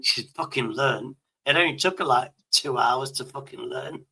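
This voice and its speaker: A man's voice: medium pitch, moderate pace, vocal fry, bright, forceful tone, breathy edge. A man hosting a casual chat, rambling with frequent restarts and swearing. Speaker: host.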